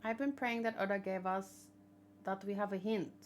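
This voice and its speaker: A woman hosting a manga read-along, giving chatty and excitable commentary and swearing casually. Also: medium pitch, normal speed, slight background noise.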